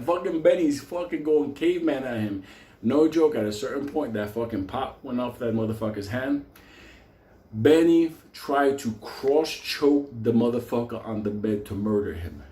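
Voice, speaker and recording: A man telling a wild story in a loud, profane, laughing way, acting out the people he quotes. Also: medium pitch, animated, moderate pace, echoey room.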